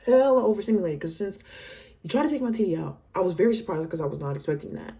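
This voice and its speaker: Young woman, storytime vlogger; lowish, mellow voice, slangy and animated, set a little back from the mic. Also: fast, creaky, far from the mic. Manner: slangy and animated, full of fillers. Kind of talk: casual storytime.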